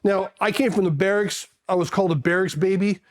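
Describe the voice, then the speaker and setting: Blunt high-voiced man telling war stories. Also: fairly even intonation, fairly quick. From California, USA. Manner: blunt, rambling, swears casually. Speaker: Marine veteran. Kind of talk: candid storytelling.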